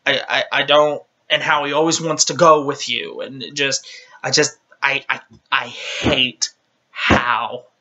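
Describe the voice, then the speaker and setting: Male game reviewer, exasperated rant, bright tense tone, stammers and restarts. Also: mid-range voice, level tone, a little slow, muffled recording. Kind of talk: casual ranting game review.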